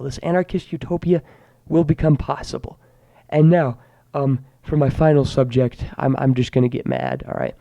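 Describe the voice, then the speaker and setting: A teenage student rants to camera in a comedic monologue, sarcastic and mock-grandiose, frequently stammering and restarting his words. His voice is a little high with vocal fry and a dark tone, at a moderate pace. The audio is dull, with no echo.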